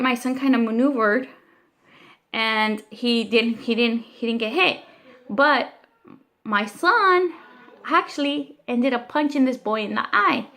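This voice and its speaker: A woman in her thirties telling a long story about her son, retelling what people said in an animated, upset way with many restarts. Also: a little high. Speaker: vlogger, mother. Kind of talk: casual storytelling vent.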